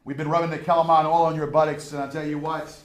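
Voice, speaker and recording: A man hosting a live public-access show, loud and brash like a showman. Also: fairly high pitch, flat delivery, fast. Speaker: host. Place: small studio. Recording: echoey room from far off.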